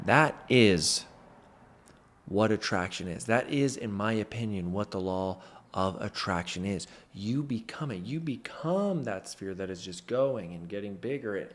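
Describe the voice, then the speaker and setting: Young guy mentoring viewers, low-ish voice, pumped-up motivational talk, keeps saying freaking. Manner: emphatic, repeats "freaking" for stress.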